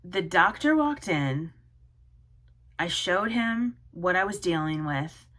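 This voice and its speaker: A woman in her forties vlogging to camera, talking in an earnest, halting way with many pauses. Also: fairly low pitch, animated, fairly bright tone. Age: 40s. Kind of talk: personal vlog talk to camera.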